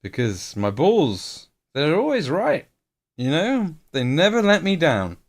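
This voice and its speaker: A man's voice: fairly high pitch, huge pitch swings, takes it slowly. A man in his late thirties chatting casually on a live stream while painting miniatures, rambling and joking and laughing at himself. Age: 30s.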